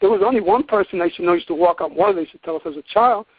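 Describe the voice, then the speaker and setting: A man's voice: sits high, very fast, breathy edge, dry recording. A man lecturing emphatically on a call-in program, acting out courtroom exchanges as he goes. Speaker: guest teacher on a call-in program. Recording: tinny dry phone line.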